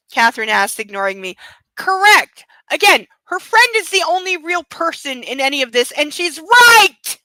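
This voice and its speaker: A woman's voice: high-pitched, big pitch swings, normal speed, bright, forceful tone, no room sound, rough recording. Woman, young adult, sarcastic commentary over a book reading, dry close sound. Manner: sarcastic, emphatic outbursts. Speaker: livestream host reading aloud.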